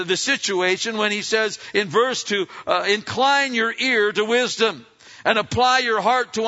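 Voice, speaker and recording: A man with a fairly high voice preaches a sermon in a folksy, conversational style. He swings from loud, emphatic lines to quiet asides and acts out quotes, heard through dull lo-fi sound.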